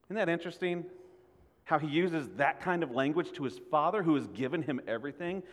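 A man's voice: fairly high pitch, lively intonation, moderate pace. A man delivers a sermon in an earnest, questioning manner, turning to his listeners again and again. His voice rings with a long reverb in the room. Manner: earnest, rhetorical questions to the congregation. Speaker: preacher.

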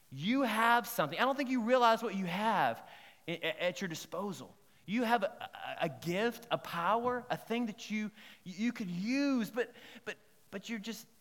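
A man delivers a sermon with a bright, slightly high voice. He is lively and chatty, often asking his listeners whether they follow him. His voice rings with the long reverb of a large hall. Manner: lively, conversational, checks in with the congregation. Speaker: pastor. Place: church sanctuary.

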